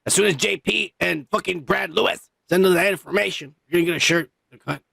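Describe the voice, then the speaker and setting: Gravelly profane podcast guy. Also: high-pitched, fast, sharp tone, no echo. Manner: rambling, profane, stoned and joking. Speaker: podcast co-host. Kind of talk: casual chat reading comments.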